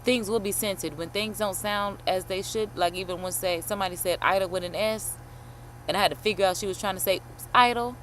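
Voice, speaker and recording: A woman host chatting casually while reacting to a video, animated and slangy, swearing and calling listeners honey. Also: mid-range voice, fairly quick, a little hiss or hum. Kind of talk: casual chat.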